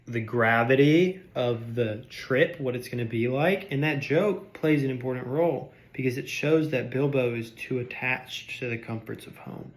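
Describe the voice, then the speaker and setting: A man delivering a comedic rant, mock-outraged and sarcastic, insulting his audience. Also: mid-range voice. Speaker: vlogger.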